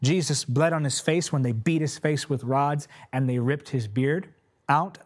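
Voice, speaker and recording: A man preaching a sermon in a repetitive, declarative cadence, then praying fervently for listeners. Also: on the high side. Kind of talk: sermon with closing prayer.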